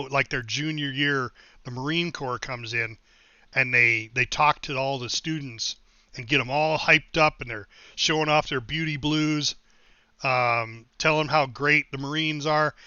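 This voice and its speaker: A man's voice: on the high side, fairly even intonation, unhurried, bright, forceful tone, smooth, dry recording, highs cut off. A middle-aged man streaming a game, telling long personal stories in a casual, rambling way and thanking his followers. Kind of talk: casual storytelling while livestreaming.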